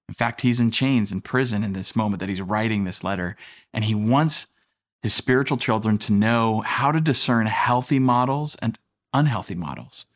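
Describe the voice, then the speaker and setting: A man in his thirties preaching a sermon in a relaxed, conversational way, mixing scripture with self-deprecating family stories. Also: medium pitch. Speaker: pastor.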